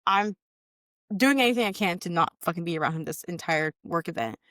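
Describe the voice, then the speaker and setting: A woman's voice: fairly low pitch, expressive, brisk, fairly bright tone, dry recording, clean studio sound. A young woman on a podcast telling a personal story in casual chat, candid and cursing freely, acting out what people said. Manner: candid, heavy swearing, acts out quoted lines. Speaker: podcast guest.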